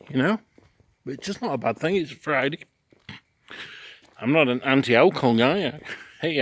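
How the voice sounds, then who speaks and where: A man's voice: medium pitch, fairly bright tone, no echo. A man in his forties giving a frank, rambling spoken recap of his travel day, full of restarts and swearing. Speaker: travel vlogger. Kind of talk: casual spoken recap to camera.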